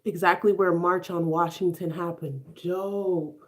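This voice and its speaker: A woman's voice: on the low side, steady tone, measured pace. Chatty young woman streaming from home. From Chicago. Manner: chatty, laughs often, reads and answers comments. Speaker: vlogger live streaming to viewers. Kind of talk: casual chat while doing makeup.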